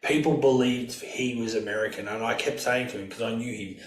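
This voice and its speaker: Male podcast co-host, mid-pitched, relaxed and agreeable, roomy echoey sound. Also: fairly quick, hardly any pauses. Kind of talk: casual film review chat.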